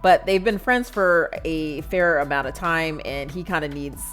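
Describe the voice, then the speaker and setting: Casting: low-pitched woman, chatty gameplay narrator, lots of fillers, faint music under her. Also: measured pace, a bit bright. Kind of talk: casual gameplay commentary.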